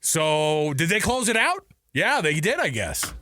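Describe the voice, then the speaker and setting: In a casual sports talk segment, a radio co-host speaks a little slowly in a fairly high, bright voice, laughing and animated. His pitch swoops up and down through his stories, picked up close on a dry studio mic without echo.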